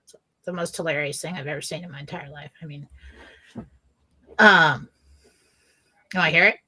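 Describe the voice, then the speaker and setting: Bright-voiced laughing woman storyteller. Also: sits low, fairly even intonation, moderate pace, breathy edge. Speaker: co-host. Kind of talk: casual chat, storytelling.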